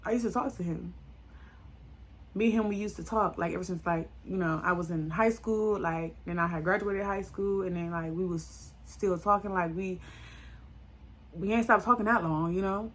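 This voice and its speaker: A young woman casually telling a storytime tale, animated and laughing often. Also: fairly low pitch, normal speed.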